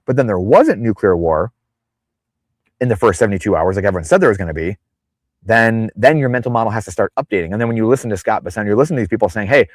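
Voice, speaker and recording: A man with a lowish, expressive voice talks fast as a podcast guest, rambling onto tangents in casual interview chat. He acts out the people he quotes in exaggerated voices, and the recording has no echo.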